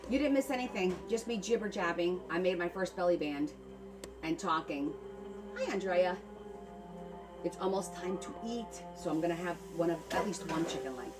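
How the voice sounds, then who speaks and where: A woman's voice: on the low side, normal speed, recorded from a distance, over music. A woman hosting a casual craft livestream from her kitchen, chatting and rambling through stories as she goes. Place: home kitchen.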